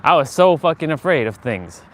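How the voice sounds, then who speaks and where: A man's voice: on the high side, very animated, normal speed. A man hosting a casual motivational livestream outdoors, talking earnestly in a rambling way with many fillers and restarts. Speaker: live-stream host.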